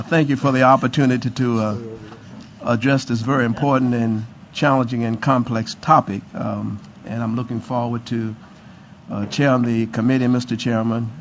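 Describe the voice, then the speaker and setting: Man, hoarse, formal prepared remarks, meeting room, slightly muffled sound. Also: medium pitch, little pitch movement, normal speed, a little hiss or hum. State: hoarse from the flu. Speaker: committee chair presenting.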